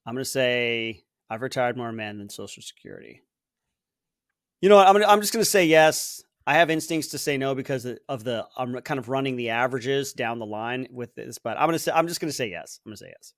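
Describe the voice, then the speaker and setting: A man's voice: medium pitch, fast, few pauses, no room sound, clean studio sound. A man co-hosting a podcast, guessing movie quotes, thinking aloud, hesitant, laughing easily. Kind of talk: casual podcast chat.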